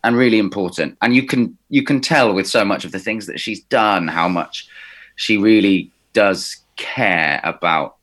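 This man from Somerset, England, has a fairly low-pitched voice and a slightly posh West Country English accent. Speaking a little slowly, he co-hosts a podcast in casual chat, chatty and animated, often restarting his sentences.

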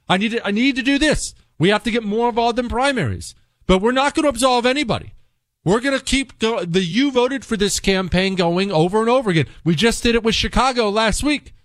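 A man's voice: no room sound, clean studio sound. A man hosting a radio talk show, ranting sarcastically and reading sponsor spots in an earnest tone. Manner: sarcastic, swings between mocking high tones and low earnest pitch. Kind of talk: opinionated radio monologue.

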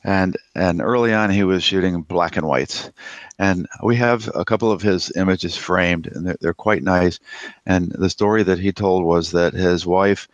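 A man co-hosting a podcast, chatting in a relaxed, rambling way with many fillers. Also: low voice, a little slow, no echo. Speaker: podcast co-host. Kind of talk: casual chat. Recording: dull lo-fi sound.

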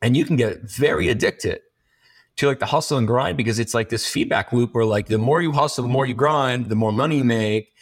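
A fairly quick, medium-pitched man talks as a guest entrepreneur in a candid conversational interview. He's frank and rambling, swears freely, and keeps restarting his sentences.

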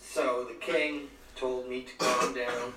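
A man's voice: medium pitch, little pitch movement, takes it slowly. A British man co-hosting a comedy podcast, delivering a theatrical mock rant full of faux outrage. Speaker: podcast co-host. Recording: roomy, distant mic, faint noise.

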